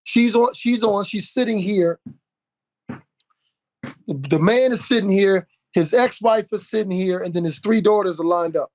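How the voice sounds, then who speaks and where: A man in a casual podcast conversation, telling a story in an animated, indignant way. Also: high voice, normal speed. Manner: animated storyteller, indignant, many fillers and restarts.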